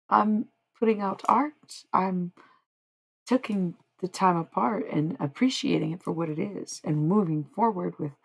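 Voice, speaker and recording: A woman with a low, husky voice full of gravelly fry chats loosely on her livestream. She rambles, swears casually and lets her sentences trail off into "blah, blah" filler. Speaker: livestream host.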